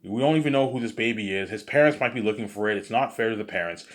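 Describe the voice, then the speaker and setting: A man's voice: fairly low pitch, quick pace, natural voice. A man voicing a worried, practical wife who anxiously questions and reasons, inside a spoken story. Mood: reasoning.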